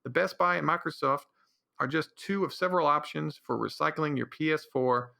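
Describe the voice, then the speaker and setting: A man's voice: on the high side, normal speed, creaky, bright, forceful tone. A man hosting his own podcast, rambling through his opinions in an offhand ranting way, with frequent restarts. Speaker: podcast host. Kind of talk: casual solo podcast monologue.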